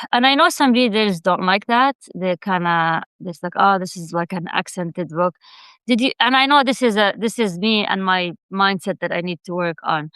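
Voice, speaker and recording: Smooth-voiced accented woman host. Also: mid-range voice, normal speed, fairly bright tone, no room sound. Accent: non-native English. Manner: friendly, reads out viewer comments. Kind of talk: casual interview chat.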